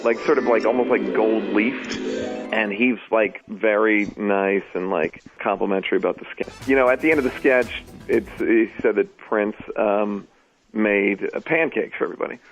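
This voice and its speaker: A man's voice: fairly low pitch, steady tone, normal speed, muffled recording, faint music behind. A man telling a chatty casual anecdote, full of fillers. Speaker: guest.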